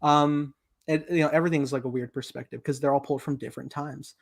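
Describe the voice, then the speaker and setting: A man hosting a casual movie review chat, talking excitedly and laughing often. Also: a little high, fast talker, creaky. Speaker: podcast host.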